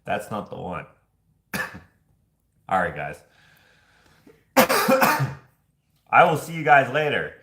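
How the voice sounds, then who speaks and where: A man's voice: medium pitch, huge pitch swings, drawn-out words, pauses often, fairly bright tone, reverberant. A man hosting a vlog giveaway, chatting in a loose, rambling way and chuckling often. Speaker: vlog host running a giveaway. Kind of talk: casual chat.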